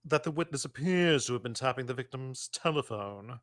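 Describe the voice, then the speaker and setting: A man's voice: medium pitch, lively intonation, a little fast, a bit bright. A man guesting on a game playthrough, reading the prosecutor's lines in a theatrical, mock-formal way. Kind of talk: playful voice-acting of game text. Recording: game music playing under the talk.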